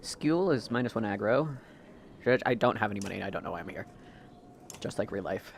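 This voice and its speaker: A man's voice: fairly low pitch, animated, fairly quick, gravelly, slight background noise. A man chatting casually and jokingly while live-streaming a video game. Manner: chatty, jokey, talks to his pet.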